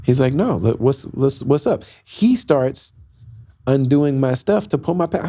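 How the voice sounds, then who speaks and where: A middle-aged man hosting a podcast, telling a story in an animated way and acting out the other voices with big jumps in pitch. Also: measured pace.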